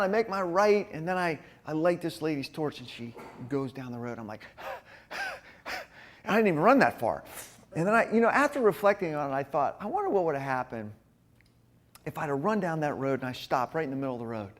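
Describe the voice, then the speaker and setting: A man leading a men's church group, telling a lively story and acting out scenes. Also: on the high side, brisk. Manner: storytelling, energetic, acts out scenes. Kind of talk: animated church talk.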